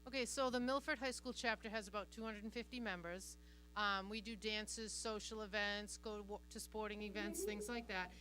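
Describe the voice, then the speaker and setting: A woman's voice: medium pitch, fairly even intonation, normal speed, bright, forceful tone, a little hiss or hum. A woman from a charity chapter answering questions on stage, matter-of-fact. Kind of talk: onstage interview answers.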